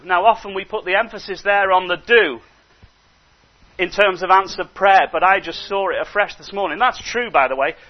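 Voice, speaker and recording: A high-voiced male preacher delivering a sermon, his voice dropping to hushed asides and then rising into emphatic exhortation. The recording is dull and lo-fi. His delivery stays animated throughout.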